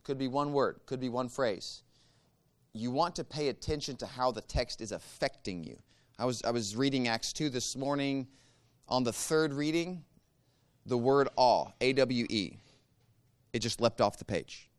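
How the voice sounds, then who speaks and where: A man guides a church group through meditative prayer, one step at a time. His voice is smooth and resonant and sits at a middle pitch. He speaks in a calm, measured way. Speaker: church teacher leading a meditation class. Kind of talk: teaching a guided prayer practice.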